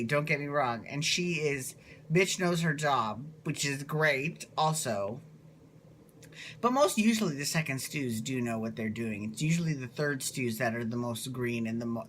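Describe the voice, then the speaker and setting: A man's voice: a little high, bright, forceful tone, a little hiss or hum. A man chatting in a casual, gossipy way as he recaps a TV show, swearing freely. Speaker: TV recap vlogger.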